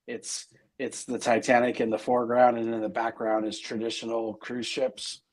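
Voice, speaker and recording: A man's voice: mid-range voice, level tone, normal speed. A middle-aged man as interview guest, talking casually and rambling with many fillers and restarts.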